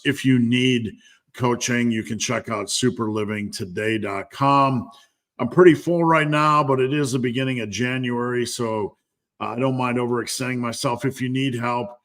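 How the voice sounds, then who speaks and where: A man's voice: medium pitch, steady tone, normal speed, fairly bright tone. A man hosting a live stream Q&A as a strength coach, talking candidly and bluntly with lots of fillers.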